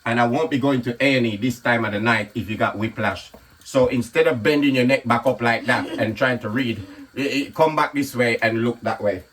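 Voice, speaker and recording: A man's voice: medium pitch, brisk, a bit bright, slight background noise. A man talking casually through a home cooking video, often checking in with "okay?" as he explains. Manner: chatty, repeats "okay?" often. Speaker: comedian and cooking vlogger. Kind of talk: casual cooking vlog chat. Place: home kitchen.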